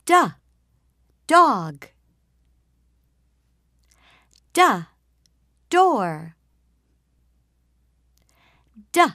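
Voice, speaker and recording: A woman modeling phonics sounds and words for children with clear, exaggerated enunciation. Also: high-pitched, pushed and bright, no echo, clean studio sound. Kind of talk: slow classroom pronunciation modeling.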